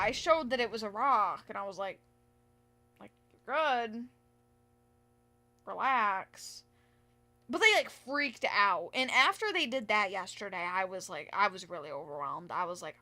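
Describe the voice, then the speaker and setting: A woman's voice: medium pitch, lively intonation, measured pace, bright, forceful tone, faint music behind. A young woman streaming a game and telling a rambling, exasperated story about work, full of restarts and fillers. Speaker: live streamer. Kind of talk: casual storytelling while gaming.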